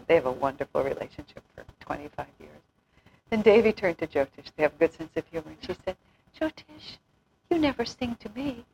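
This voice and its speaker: A woman's voice: deep voice, a little hiss or hum, poor audio. Laughing woman telling spiritual anecdotes. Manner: chatty storyteller, laughs often, acts out quotes. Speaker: spiritual teacher. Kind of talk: informal spiritual talk with anecdotes.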